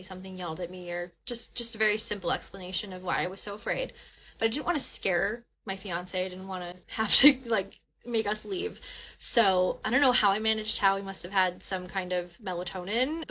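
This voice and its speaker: A woman's voice: mid-range voice, creaky. A woman casually telling a first-person ghost story, rambling with restarts and fillers and acting out quoted dialogue, swearing at the scary parts. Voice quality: animated retelling with quoted dialogue. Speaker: guest storyteller.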